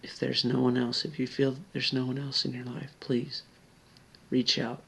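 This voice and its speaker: Gravelly, husky drunk man pleading earnestly. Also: mid-range voice, level tone, moderate pace, a bit bright. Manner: earnest, pleading, drops to whispers. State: drunk, slurring; near tears. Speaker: video blogger. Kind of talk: emotional direct-to-camera appeal.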